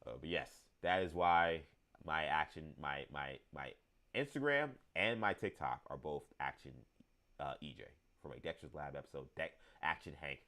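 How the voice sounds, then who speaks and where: A man's voice: extremely low pitch, lively intonation, normal speed, bright, forceful tone. A man in his thirties hosting a live show, talking casually, rambling with many fillers and restarts while reading the chat. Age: 30s. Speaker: show host.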